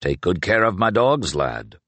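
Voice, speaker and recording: A man's voice: low-pitched, big pitch swings, measured pace, sharp tone, dry recording, full character voice. A man voicing a dying old soldier who speaks with dry, fond humor in an audiobook. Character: old male soldier, dying, gruff and affectionate.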